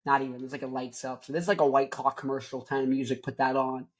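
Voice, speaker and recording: A young man hosting his own rock show, rambling from one joke to the next. He talks loud and crude, with a middle-pitched voice that keeps jumping up when he gets excited. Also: fast talker. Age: young adult. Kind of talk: rambling comedic music talk.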